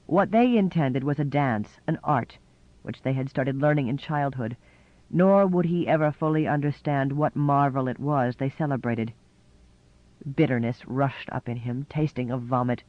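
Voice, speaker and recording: A man reading a novel aloud in measured, scripted narration. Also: medium pitch, no echo, dull audio. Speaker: audiobook narrator.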